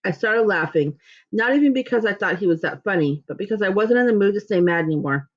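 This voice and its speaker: A woman reading a storybook aloud in a clear, steady way, like a teacher reading to a class. Her voice sits at an ordinary middle pitch, and the recording is dull and lo-fi. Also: quick pace.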